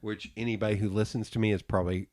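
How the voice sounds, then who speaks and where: A man with a fairly low voice hosts a casual podcast conversation. He tells anecdotes in an animated way, leaping into higher voices to quote others. The sound is close and dry. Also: fast, dry recording. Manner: animated storyteller, acts out quotes with jumps in pitch. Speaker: podcast host and designer. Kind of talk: casual interview chat.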